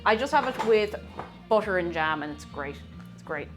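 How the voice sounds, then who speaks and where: A woman's voice: medium pitch, animated, normal speed, music in the background. A woman streamer chatting casually with her viewers while she bakes. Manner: chatty, reading out viewer messages. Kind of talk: casual chat while baking.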